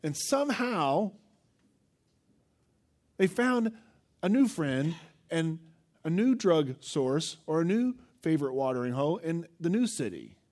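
A male pastor preaches with a fairly high voice. His pitch swings widely as he talks. He tells stories with animation and keeps asking the congregation questions. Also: measured pace, pauses often. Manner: animated storytelling, acts out quotes, asks the listeners questions. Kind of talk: sermon.

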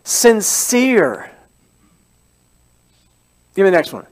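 A man preaching a sermon as a pastor at a church service. He talks in a lively, conversational way, repeats his key phrases and asks the congregation questions. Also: fairly high pitch, unhurried.

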